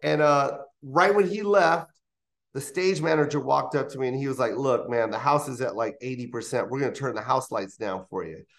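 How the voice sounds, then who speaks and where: A comedian in his fifties tells stories during an interview in a studio, animatedly acting out other people's voices in his anecdotes. His own voice is creaky and medium-pitched, with a moderate pace.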